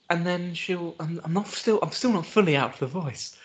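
A man's voice: a little high, expressive, moderate pace, husky. A man co-hosting a podcast in casual chat, joking and slipping into silly voices. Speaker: podcast co-host.

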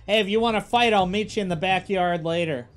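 A man's voice: high voice, quick pace, faint music behind. A man co-hosting a slots stream, trading teasing, mock-tough jokes in casual banter.

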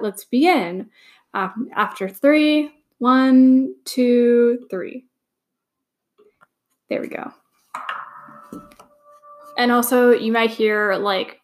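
A woman's voice: on the high side, rough recording. A young woman hosting a casual watch-along podcast, gushing, emotional and swearing freely. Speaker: podcast host.

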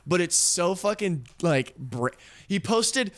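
A man's voice: high-pitched, lively intonation, slow. A young man co-hosting a podcast, rambling and swearing in casual banter with frequent laughs. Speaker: podcast co-host.

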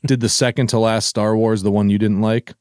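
Man, low voice, podcast co-host, casual enthusiastic rambling, dry close mic. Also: flat delivery, a little fast, darkish tone, smooth, no echo. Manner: enthusiastic, rambling with many fillers. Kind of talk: casual chat.

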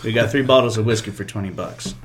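A man's voice: on the low side, fast, slight background noise. A man co-hosting a podcast in casual chat, making crude jokes and reading product labels aloud with stumbles. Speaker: podcast co-host.

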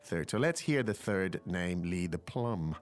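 A man's voice: low voice, animated, unhurried. A man hosting a language-learning podcast, chatting casually and joking as he explains. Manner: chatty, joking, thinks aloud with fillers. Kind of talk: casual teaching chat.

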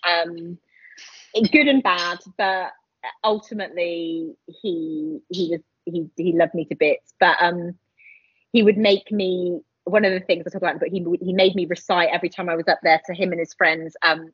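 A woman in her forties chatting casually as a podcast guest, animated and quick to laugh. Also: on the low side, husky, dry recording. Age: 40s. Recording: dull lo-fi sound.

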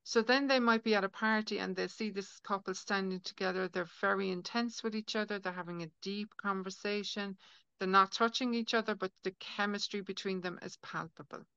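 Gravelly woman on a dull, dry podcast line. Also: medium pitch, fairly even intonation, fairly quick, fairly bright tone, dry recording. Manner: earnest, acts out inner voices in quotes. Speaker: guest healer. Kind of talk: casual podcast conversation.

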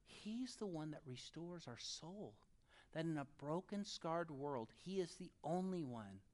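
A pastor preaching a sermon who speaks straight to the congregation and swings between loud, urgent stretches and soft, quiet ones. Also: mid-range voice, lively intonation, unhurried. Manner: addresses the audience directly.

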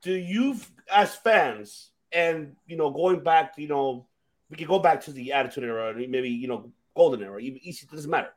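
A man hosting a casual talk show, asking rambling, animated questions with many restarts. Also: a little high, moderate pace. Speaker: podcast host. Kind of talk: casual chat.

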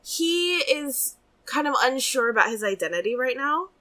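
A woman's voice: high voice, lively intonation, normal speed, sharp tone. A woman casually musing about her game character, hesitant and thinking aloud. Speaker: tabletop player.

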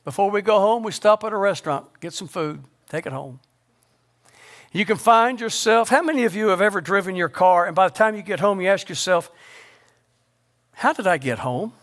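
A man with a high-pitched voice preaches to his congregation. He asks question after question and drops into a quiet hush on his key words. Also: brisk. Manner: rhetorical questions, sudden drops to a low hush for emphasis. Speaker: pastor. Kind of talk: sermon.

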